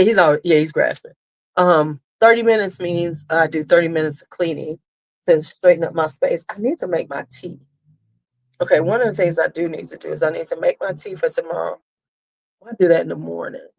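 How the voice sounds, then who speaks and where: A woman's voice: on the low side, gravelly, darkish tone. A woman hosting a casual livestream, talking bluntly with some cursing and answering viewers' comments as they come in. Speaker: beauty channel host.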